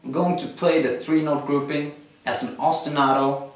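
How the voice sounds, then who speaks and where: A man with a slightly high, steady voice teaches a drum lesson at normal speed, walking through exercises step by step and using plenty of fillers. He's recorded at a distance in an echoey room, with drums played between his explanations.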